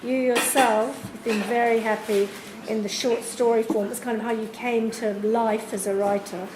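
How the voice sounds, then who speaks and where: At a university event, a woman with a slightly high voice interviews a writer in a public literary conversation, posing thoughtful, searching questions. She speaks at normal speed with fairly even intonation. The room is echoey, with background noise.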